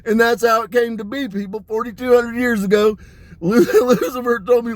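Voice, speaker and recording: Guy with a pretty high voice going off on a crude rambling rant, cussing and cackling. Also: normal speed, dry recording. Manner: crude, swearing, laughing often. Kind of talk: rambling profane monologue.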